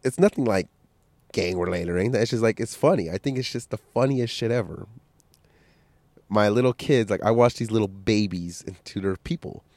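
A man's voice: fairly low pitch, darkish tone, dry recording. A man with a stuffy, coughing cold, hosting a casual solo podcast and giving blunt, profane motivational talk. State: sick, coughing, stuffy nose. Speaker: podcast host.

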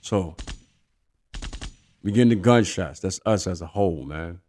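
A man's voice: sits low, measured pace, a little mellow, slight background noise. A middle-aged man hosting a podcast, giving blunt, profane opinions in casual street talk. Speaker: podcast host.

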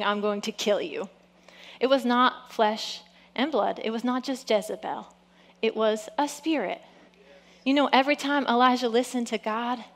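A woman preaching a sermon, reading scripture and acting out the people in the story with lively asides. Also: on the high side. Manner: lively preaching, acts out quotes, frequent "come on". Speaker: pastor.

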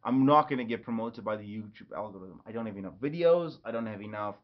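A man hosting his own casual solo podcast, rambling and jumping quickly from topic to topic. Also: lowish voice, animated. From Ireland. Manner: rambling, jumps between topics. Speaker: podcast host. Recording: slightly dull lo-fi audio.

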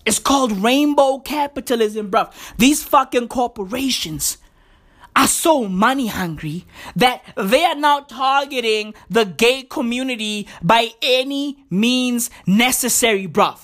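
Female host, comedic rant, fairly high voice, slow deliberate profane delivery. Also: animated, fairly bright tone. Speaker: podcast host.

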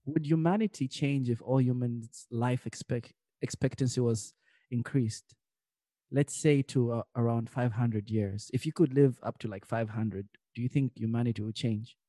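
A man's voice: medium pitch, normal speed, no room sound. A young man co-hosting a podcast, joking around and telling stories in slangy casual talk. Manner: joking, animated storytelling with slang. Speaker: podcast co-host. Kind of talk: casual chat.

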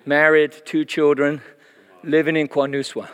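A middle-aged man preaches, telling his story in a lively, chatty way with many fillers. His voice sits fairly high for a man. The sound rings with a long reverb, as in a church hall. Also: measured pace, clear, resonant tone. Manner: animated, chatty, laughs often, many fillers. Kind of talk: sermon testimony storytelling.

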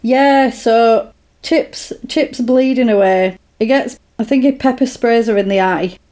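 A woman in casual chat, animatedly retelling a film's plot and putting on quick voices for the characters. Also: on the high side, a little mellow. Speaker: podcast co-host recapping a film.

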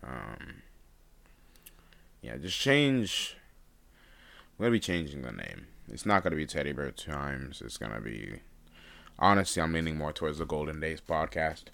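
A man's voice: rumbling low, sing-song, measured pace, creaky, long pauses, fairly bright tone. A young man hosting a solo podcast, rambling and unscripted with lots of fillers and restarts, his voice still groggy from just waking up. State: groggy morning voice. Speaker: podcast host.

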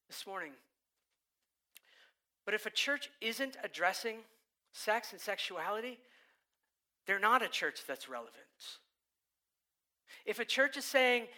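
A man preaching a sermon, animated, moving between loud passages and hushed ones and acting out the voices he quotes. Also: sits high. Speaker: pastor.

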